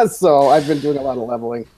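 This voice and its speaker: A podcast co-host chats casually, rambling and meandering from point to point. His voice is mid-range, and background noise can be heard.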